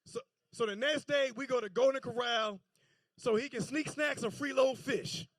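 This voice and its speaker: A man's voice: extremely high pitch, moderate pace, fairly bright tone, dry recording. A man doing a stand-up set on a comedy club stage, telling stories loosely with stammering restarts.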